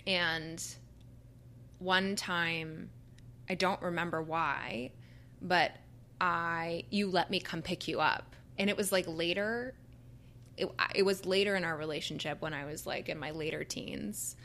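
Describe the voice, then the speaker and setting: Woman, young adult, casual conversation, earnest, halting, lots of likes, bright forceful tone. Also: fairly low pitch, steady tone, slight background noise.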